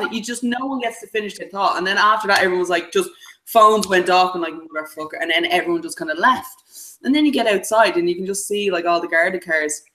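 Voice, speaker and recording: A podcast co-host telling a long story in casual chat, animated and swearing freely. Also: mid-range voice, fast talker, poor audio.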